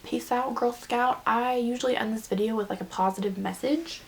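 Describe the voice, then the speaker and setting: A woman's voice: a little high, moderate pace, vocal fry. A young woman vlogging a casual confession, rambling and self-deprecating, close to tears. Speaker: beauty vlogger.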